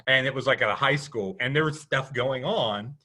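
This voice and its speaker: A man's voice: medium pitch, normal speed, sharp tone. A man, co-hosting a podcast and telling rambling casual stories full of restarts. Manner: rambling, with many restarts and "you know". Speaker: podcast co-host. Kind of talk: casual storytelling chat.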